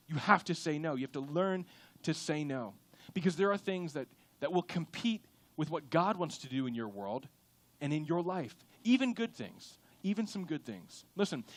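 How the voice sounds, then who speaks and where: A young adult man preaching a sermon in a church, lively and conversational, now and then acting out quoted voices. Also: high-pitched, no room sound. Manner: animated, acts out quoted voices. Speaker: pastor. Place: church auditorium.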